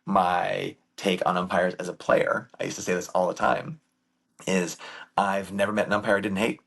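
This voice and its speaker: Gravelly low-voiced man telling stories. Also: normal speed. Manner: animated, emphatic storyteller. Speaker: guest, youth baseball coach and camp director. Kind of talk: casual storytelling conversation.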